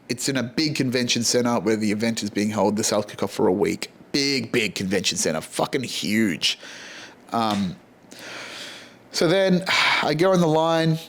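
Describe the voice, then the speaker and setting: Profane Australian man telling a story. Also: a little high. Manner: profane, animated, retells dialogue in voices. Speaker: podcast host. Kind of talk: casual storytelling.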